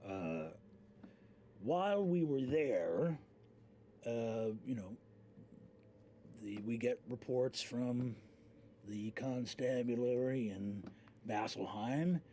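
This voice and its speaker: A man's voice: mid-range voice, lively intonation, takes it slowly, pauses often, mellow, slight background noise. A man voicing a burly, friendly half-orc who talks in a rambling, folksy way. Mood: chatty.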